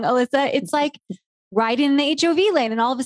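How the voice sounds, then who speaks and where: A woman hosting a podcast interview, telling a playful, animated story with mild swearing. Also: high-pitched, quick pace, dry recording, clean studio sound. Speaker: podcast host. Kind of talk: casual interview chat.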